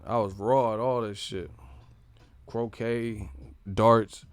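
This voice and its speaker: A young man from the United States, hosting a casual live stream and joking loudly with lots of profanity. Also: lowish voice, steady tone, slow pace, clear, resonant tone, no echo. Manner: loud, profane, joking, laughs a lot.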